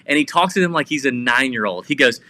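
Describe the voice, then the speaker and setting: A man co-hosting a casual podcast, telling rambling stories with excitement. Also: medium pitch, fast. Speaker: podcast co-host.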